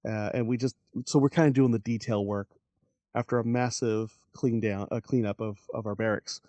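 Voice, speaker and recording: A man's voice: lowish voice, normal speed, dry recording. A man in his forties, a podcast guest, telling a story in casual conversation and acting out the people he quotes. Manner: animated, acts out quoted voices, laughs while telling.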